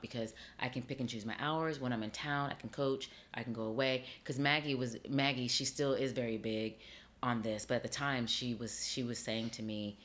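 A middle-aged woman, an actor and acting teacher, chatting in an interview and telling her story with lively acted-out dialogue. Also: very deep voice, a little hiss or hum. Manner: animated storyteller, acts out quoted dialogue. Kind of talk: casual interview chat.

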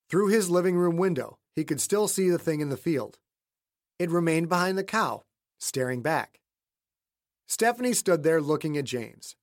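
Man narrating a suspense story. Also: fairly high pitch. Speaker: audiobook narrator. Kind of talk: scripted narration.

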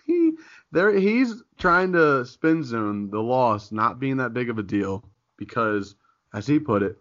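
A man's voice: medium pitch, big pitch swings, unhurried, fairly bright tone. A man hosting a podcast in casual chat, rambling and often breaking off mid-thought with a laugh. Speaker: podcast host. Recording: dull lo-fi podcast audio.

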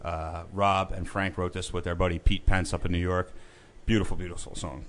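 On a podcast, a band member appearing as a guest tells a rowdy, profane story in casual conversation, animatedly acting out what people said in quoted voices. His voice is low-pitched and a little fast. There's slight noise in the background.

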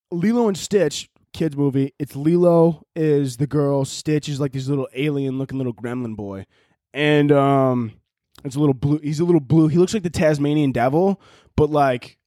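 Young man, Chicago accent, podcast host, rambling, profane, laughs a lot, slightly high voice. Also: darkish tone, no echo, clean studio sound. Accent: American, Chicago. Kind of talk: casual comedic monologue.

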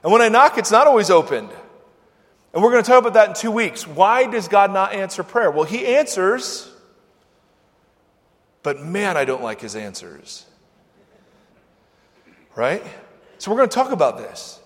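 Animated, high-voiced male pastor preaching. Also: unhurried, pauses often. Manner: animated and conversational, with sudden swings between loud and soft. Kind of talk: sermon. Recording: long church-hall reverb.

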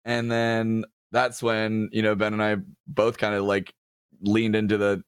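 A man chats animatedly as co-host, laughing often and jumping up in pitch when he gets excited. The recording is dry and close, with no room sound at all. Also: unhurried, smooth, no echo. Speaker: co-host and voice actor. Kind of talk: casual chat.

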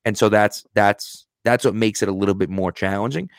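A man co-hosting a casual sports podcast, explaining things in a relaxed way and often asking "right?". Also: lowish voice, fairly quick, vocal fry, dry recording, studio quality. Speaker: podcast co-host. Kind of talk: casual chat.

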